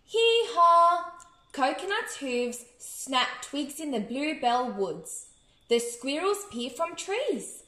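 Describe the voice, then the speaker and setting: Australian woman, expressive bedtime storyteller, high and lively, roomy sound. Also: slow pace. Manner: expressive, sing-song, with sound effects. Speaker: children's storyteller. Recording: echoey room.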